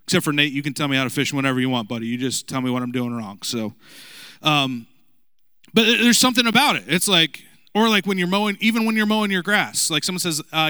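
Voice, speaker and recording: A man's voice: a little high, lively intonation, fairly quick, bright, forceful tone, clean tone, no room sound. A man in his thirties, a pastor giving a casual, joking sermon with asides to the congregation. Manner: conversational, jokey preaching with asides to the congregation.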